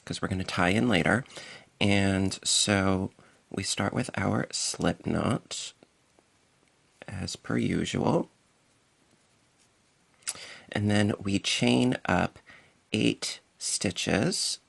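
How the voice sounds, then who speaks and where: Slow, gravelly-voiced man teaching crochet. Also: fairly low pitch, fairly bright tone. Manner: playful, jokey, talks to viewers while demonstrating. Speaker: crochet tutorial host. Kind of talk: casual tutorial instruction.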